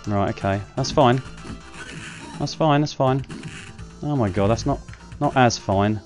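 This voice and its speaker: Male host, casual let's-play commentary, self-deprecating, mid-pitched, faint game music behind. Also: unhurried. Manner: chatty, self-mocking, excitable outbursts. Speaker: gaming channel host.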